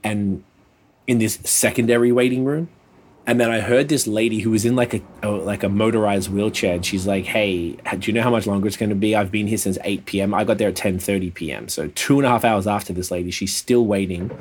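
A man in pain telling a rambling, sweary story in casual chat over a call, sounding a little flat. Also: fairly low pitch, fairly quick, a little hiss or hum. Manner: laid-back, swears often, rambling. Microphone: video call.

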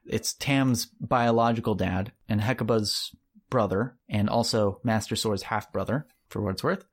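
Halting man running a tabletop game. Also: on the low side. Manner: halting, many restarts and fillers. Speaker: game master.

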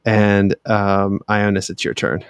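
Game master, male, gravelly and low, easygoing, chuckles often, dry close sound. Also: level tone, slow pace, no room sound. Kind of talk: narrating a tabletop game.

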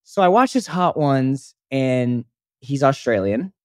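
Animated young man rambling in casual chat. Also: medium pitch, slow, no room sound, studio quality. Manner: rambling, animated storytelling with many fillers. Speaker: podcast co-host.

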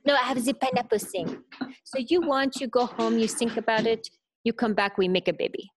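A woman voicing a confident, charming French man with a French accent and halting broken English. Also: on the high side, fairly even intonation, pitched above the performer's own voice, natural voice. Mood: playful.

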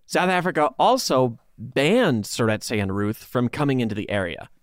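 A man's voice: mid-range voice, lively intonation, normal speed, no room sound. A man in a casual podcast chat, narrating history with sarcastic, profane asides. His voice is mid-range and sounds dry and close to the mic. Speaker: podcast co-host.

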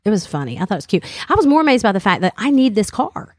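A woman's voice: mid-range voice, very animated, very fast, darkish tone, no room sound, clean studio sound. A middle-aged woman with a Southern US accent, co-hosting a radio show in casual, chatty talk full of fillers and restarts. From American South. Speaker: radio co-host. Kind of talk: casual chat.

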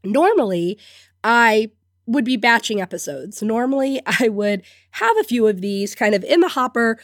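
Sick congested lady podcaster, scratchy voice, kinda high, laughs a lot, dry close mic. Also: no room sound. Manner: upbeat, laughs often between phrases. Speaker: podcast host and business coach. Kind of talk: solo podcast talk.

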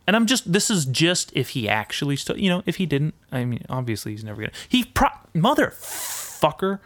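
A man's voice: fairly high pitch, sing-song, fairly quick, a bit bright, no room sound. A man ranting in a rambling, foul-mouthed monologue as a podcast host, mixing indignation with self-deprecating asides. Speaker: podcast host and aspiring comedian.

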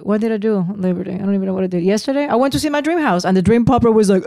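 A woman's voice: medium pitch, very fast, gravelly, hardly any pauses, warm tone, dry recording, studio quality. A woman in her thirties co-hosting a podcast, dismissive and exasperated in casual couple banter. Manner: dismissive, exasperated, brushing things off. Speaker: podcast co-host.

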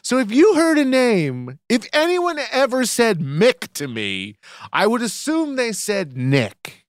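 A man with a nasal voice co-hosting a casual podcast, tossing out deadpan, contrary jokes. His pitch swings up and down a lot, and the close mic keeps him dry. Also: takes it slowly, no room sound. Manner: deadpan joking, playful contrarian. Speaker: podcast co-host. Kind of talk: casual chat.

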